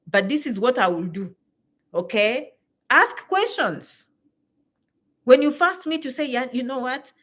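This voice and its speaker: A woman vlogs straight to her audience, her voice sitting a little high. She swings between loud exclamations and quieter asides, repeating words to drive her point home. Her delivery is casual and story-driven, as if advising friends. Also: a little slow, long pauses, slightly rough. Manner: lively, exclamatory, repeats phrases for emphasis. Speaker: vlogger. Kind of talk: animated storytelling to camera.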